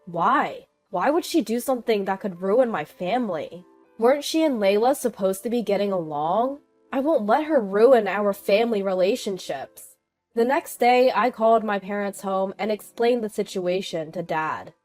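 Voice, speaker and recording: A woman reading a first-person story in a slow, even narration, with faint background music. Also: medium pitch. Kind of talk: scripted narration.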